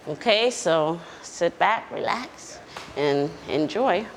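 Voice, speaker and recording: New woman chatting in a cafe interview, animated, keeps saying you see what i mean, faint room hum. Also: lowish voice, takes it slowly. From Brooklyn, New York. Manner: animated, repeats herself, keeps checking in with the listener. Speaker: actor, interview guest. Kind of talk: casual interview chat.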